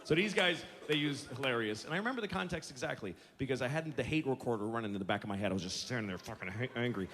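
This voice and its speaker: A profane, ranting stand-up comedian. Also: male voice, mid-range voice, animated, racing, hardly any pauses, a bit bright. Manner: profane, sarcastic ranting that builds to outbursts. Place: comedy stage with a live audience. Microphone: handheld stage mic. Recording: noisy live stage recording.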